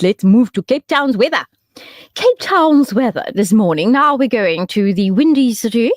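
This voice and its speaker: A woman's voice: moderate pace, no room sound, studio quality. A woman hosting a radio show, chatting casually and joking through the weather. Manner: chatty and joking, with lively swoops in pitch and laughs.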